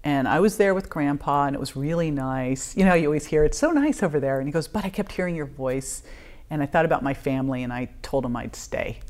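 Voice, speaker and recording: A middle-aged woman, a podcast guest, telling an emotional personal story in an animated way, acting out dialogue and laughing often. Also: sits low, fast.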